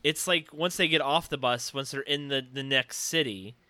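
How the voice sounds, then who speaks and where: A man's voice: medium pitch, normal speed, pushed and bright, no echo. A man co-hosting a casual movie discussion, chatty and agreeable, with lots of "like"s. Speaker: podcast co-host.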